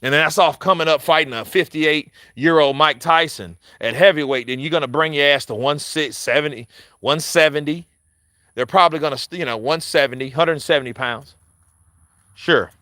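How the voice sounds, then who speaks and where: Casual male boxing commentator, loud and profane, with a bright tone and a dry sound. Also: a little high, normal speed, dry recording. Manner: animated, profane, laughs often, restarts mid-sentence; addresses viewers directly. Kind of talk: casual chat.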